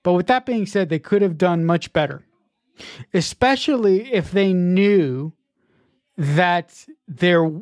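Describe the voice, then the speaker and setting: Halting, reflective podcast speaker. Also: medium pitch, darkish tone, dry recording, studio quality. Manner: reflective, halting, many restarts and fillers. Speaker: podcast co-host and writer. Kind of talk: casual chat.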